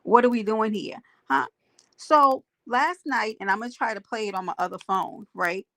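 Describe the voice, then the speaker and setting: A livestream host with a fairly high, bright voice speaks at a moderate pace in a dry recording. She greets viewers by name and drives home her points to chat, tossing in preachy asides.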